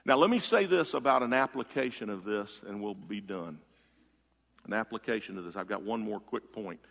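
Gravelly preacher in a reverberant hall. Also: male voice, animated. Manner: swings between loud emphatic bursts and hushed low asides; conversational preaching, quick asides to the congregation. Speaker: pastor. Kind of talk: sermon.

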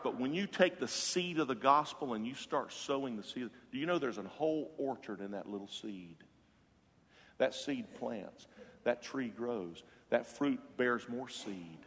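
A man preaching a sermon as pastor, passionate and swinging from loud to hushed. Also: mid-range voice. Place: church sanctuary. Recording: long hall reverb.

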